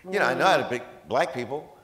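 In an echoey recording from a big event hall, a man is a guest at a gala, chatting and joking through comic stories for the audience while quoting the people in them. His mid-range voice is animated and fast, and there's background noise.

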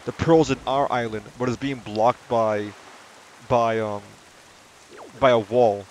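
A man's voice: medium pitch, fairly even intonation, takes it slowly, a little hiss or hum. A man streaming a game from home, chatting casually and reading the characters' dialogue aloud in a self-deprecating way.

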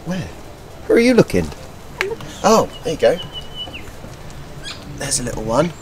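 A man from England, chatting excitedly in a casual travel vlog at an outdoor wildlife park. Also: mid-range voice, measured pace, noisy background. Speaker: travel vlogger.

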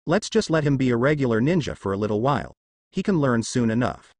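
A man voicing an older grandfather who speaks calmly and with assurance. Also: mid-range voice, quick pace, no echo.

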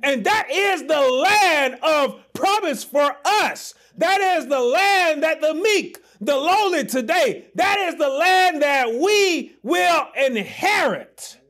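Slow, high-pitched preaching man. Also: lively intonation. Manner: impassioned preaching, often shouting, dropping to low asides. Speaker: pastor. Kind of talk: sermon.

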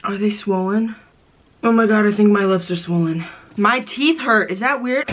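A woman's voice: mid-range voice, normal speed. A young woman in a casual eating vlog, talking in a dorm room, swearing and gasping at the heat of the food. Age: young adult. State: in pain from spice, coughing. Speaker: vlogger. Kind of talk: casual mukbang chat.

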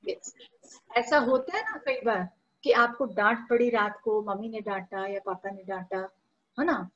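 A woman's voice: on the high side, rapid-fire, fairly bright tone, muffled recording. A woman teacher with an Indian English accent explaining a school chapter line by line in an online class, mixing in Hindi. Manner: patient, explains each line, switches between English and Hindi.

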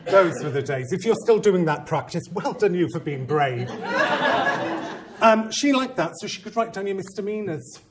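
A man's voice: high-pitched, expressive, moderate pace, a crowd in the background. Self-mocking male head teacher storytelling. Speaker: conference speaker, head teacher. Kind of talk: humorous storytelling talk.

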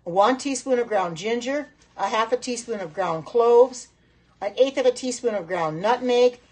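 Cooking at home, this middle-aged woman hosts a relaxed phone livestream, talking to viewers and exclaiming as she responds to their comments. She speaks at a moderate pace in a voice on the high side, slightly mellow with a breathy edge.

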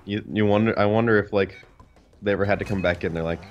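A man's voice: fairly low pitch, steady tone, quick pace, lo-fi sound. A man co-hosting casual gaming commentary, joking and teasing.

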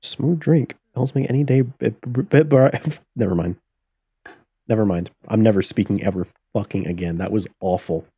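A man's voice: on the low side, fairly even intonation, normal speed, hardly any pauses, dark tone, breathy edge, no room sound. A young man live-streaming a life-sim game, cursing, joking and laughing as he reacts to what happens. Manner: profane, joking, laughs often. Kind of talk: casual live-stream commentary while playing.

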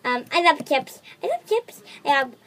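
Girl doing eager toy pet girl, high and bouncy. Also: very animated, moderate pace, fairly bright tone, slight background noise. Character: excitable toy-pet girl who loves chips.

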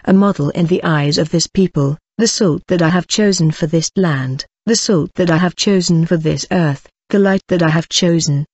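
A speaker solemnly reading a prophetic message aloud in a measured, declaiming way. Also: medium pitch, slightly rough, no room sound. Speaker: reader of a prophecy. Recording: dull, dry lo-fi recording.

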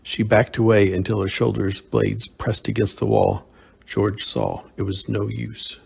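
Guy reading a sci-fi short story, raspy low voice, steady pace. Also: measured pace. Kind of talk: scripted story narration.

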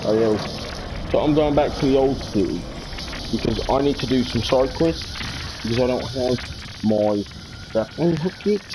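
A man's voice: mid-range voice, animated, a little slow, long pauses. A man chatting casually and joking with lots of swearing while streaming a game from home. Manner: laid-back, profane, joking. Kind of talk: casual live-stream chat. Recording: noisy home stream audio.

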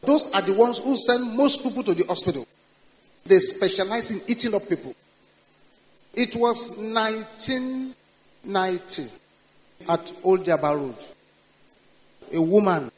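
An older Nigerian pastor preaches, his voice sitting high. He swings from plain storytelling into loud, commanding prayer declarations. A long hall reverb trails after every phrase. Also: measured pace, pauses often. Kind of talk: sermon with prayer.

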